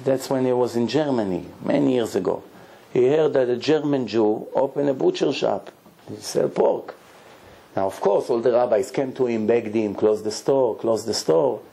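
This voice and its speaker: A man, a rabbi telling stories in a lively sermon and acting out the people in them. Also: medium pitch, moderate pace, gravelly. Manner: animated storyteller, acts out pleading and crying. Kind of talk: storytelling sermon.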